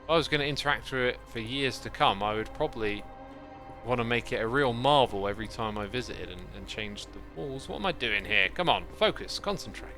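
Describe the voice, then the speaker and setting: A man chats to his livestream audience while playing, thinking aloud and drifting off on tangents. His voice has a bright, forward edge, and soft music plays quietly behind him. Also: mid-range voice, a little fast. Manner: rambling, thinks aloud, thanks chat. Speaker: game streamer. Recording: faint background music.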